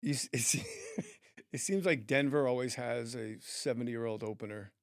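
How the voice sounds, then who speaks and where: A mid-pitched male host chats with his guest and slips into voices for the people in his stories. The sound is close and dry, with no room around it. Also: lively intonation, normal speed, dry recording. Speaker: podcast host and comedian. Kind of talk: casual podcast chat.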